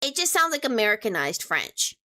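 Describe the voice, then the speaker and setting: A woman's voice: on the high side, very animated, a little fast, bright, forceful tone. A young woman streamer chatting casually with her viewers, playful and teasing as she answers questions.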